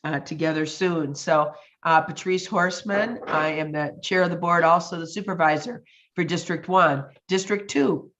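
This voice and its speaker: Casting: lower-voiced woman board chair, sinus-stuffed, chatty, dull video-call sound with faint hiss. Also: moderate pace. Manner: chatty, laughs often. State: congested from allergies. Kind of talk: public meeting on video call.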